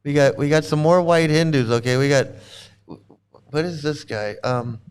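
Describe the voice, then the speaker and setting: Smooth-voiced man rambling through commentary. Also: a little high, normal speed, darkish tone. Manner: rambling and repetitive, often laughing. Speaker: commentator reacting to clips. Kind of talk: casual reaction commentary.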